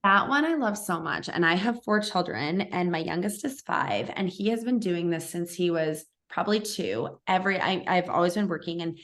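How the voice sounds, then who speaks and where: A woman's voice: on the low side, animated, fairly bright tone. Brief: middle-aged woman, podcast host, chatty and effusive, casual interview chat. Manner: chatty and effusive, quick restarts.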